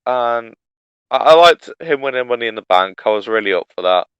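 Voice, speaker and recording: Young male co-host, smooth low voice, stammering, muffled dry recording. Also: lively intonation, fairly quick, no echo. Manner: brief agreeing replies, stammering. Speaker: podcast co-host. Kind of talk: casual chat about wrestling.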